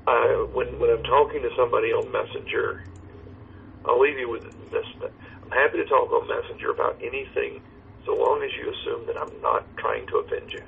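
A man who is a pastor, talking earnestly and in a measured way over a call, heard through a phone line. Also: mid-range voice, steady tone, gravelly. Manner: earnest, measured, reciting a hymn slowly. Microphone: phone or video call. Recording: tinny phone line with faint noise.

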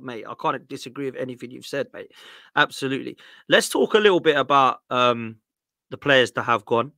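A man hosts a casual podcast with a bright, forward voice and a dry, close sound. He talks in an agreeable, conversational way, readily backing his guest and asking open questions. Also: mid-range voice, gravelly, dry recording. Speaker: podcast host.

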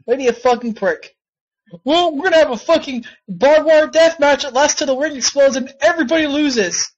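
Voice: medium pitch, normal speed, slightly rough. A host of a simulated wrestling show, swearing and ranting in frustration while commentating on play. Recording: dull lo-fi recording.

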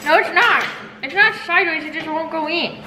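A woman's voice: extremely high pitch, brisk, background noise. A young woman bantering with her mother and giving directions while building something at home. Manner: bossy, bantering. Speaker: daughter. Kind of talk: casual family chat. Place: home, indoors. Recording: echoey room, music behind.

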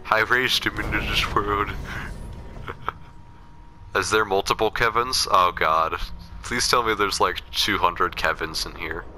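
A young man giving casual, excitable gameplay commentary and talking playfully to game characters. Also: lowish voice, slow pace, pauses often, a little hiss or hum. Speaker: gaming commentator.

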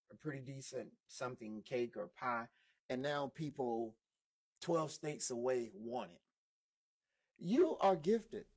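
A man with a notably high voice preaches a sermon. He hammers points with repetition and pulls call-and-response answers from his listeners. The sound comes through a modest microphone. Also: darkish tone, breathy edge. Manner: emphatic, repeats key lines, call-and-response with listeners. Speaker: preacher and lead instructor.

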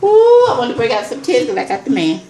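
A woman vlogger telling an excited personal story, exclaiming, repeating herself and calling her viewers y'all. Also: on the high side, fast, echoey room, slight background noise.

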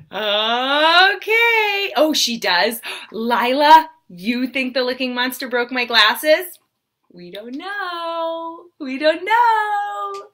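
Woman, kids' story-time host; slow, sing-song, very animated delivery aimed at preschoolers. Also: high-pitched. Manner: sing-song, exaggerated, talking to small children. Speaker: children's entertainer host.

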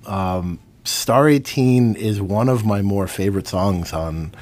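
A man's voice: lowish voice, slow, a little mellow, slight background noise. A man co-hosting a podcast, chatting casually and candidly.

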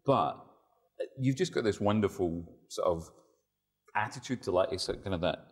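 A man's voice: on the low side, lively intonation, normal speed, husky. A man interviewing a guest on a TV show, effusive and complimentary.

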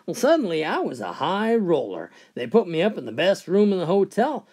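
A man's voice: high-pitched, a little fast, slightly rough. Man telling jokes with a swooping voice. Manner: animated, swooping storyteller delivery. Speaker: joke teller. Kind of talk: storytelling joke narration.

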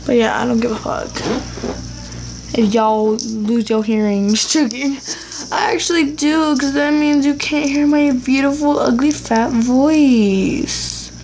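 Slow-talking, high-voiced woman gamer. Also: steady tone, a little mellow, a little hiss or hum, low-quality recording. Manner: rambling, talks to herself, blunt. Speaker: gaming YouTuber. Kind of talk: casual gameplay commentary.

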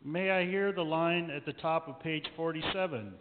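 Hushed gentle god-like voice done by a woman, calm and probing, tinny line w faint hiss. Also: moderate pace, close to an everyday voice. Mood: gently probing. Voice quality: soft and hushed, lower than her own voice. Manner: kind, probing questions. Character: gentle unseen divine voice directing a play, ageless, patient. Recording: echoey church over a tinny line.

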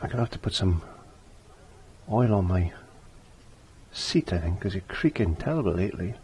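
A man's voice: low-pitched, lively intonation, moderate pace, darkish tone, a little hiss or hum. An older man giving a casual painting lesson, chatty and repeating his phrases as he works. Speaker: painting teacher.

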